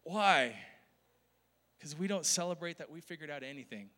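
A man's voice: on the high side, lively intonation, moderate pace, sharp tone. A male pastor preaching a conversational sermon, often laughing and asking the crowd questions. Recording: long hall reverb.

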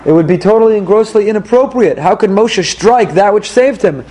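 A man's voice: high-pitched, expressive, fairly quick, mellow, poor audio. A man, a rabbi, giving a Torah class to a live group, posing one rhetorical question after another with dry humor. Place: class room in South Florida.

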